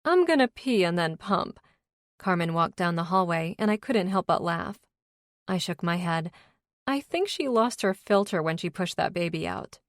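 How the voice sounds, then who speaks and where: A woman narrating a romance audiobook in first person, steady and even, on a close studio mic. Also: lowish voice, normal speed, no echo.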